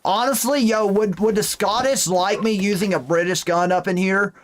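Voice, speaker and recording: Reading viewer messages aloud while streaming a hunting game, a young man chats casually and throws in folksy exclamations. He has a high-pitched voice and talks at a normal speed with few pauses.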